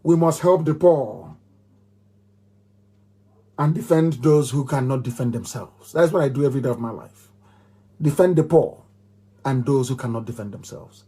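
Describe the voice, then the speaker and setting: A man's voice: medium pitch, mellow, slightly rough. A middle-aged man with a Nigerian accent giving a fiery live radio address, emphatic and repeating phrases like a chant. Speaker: movement leader on radio.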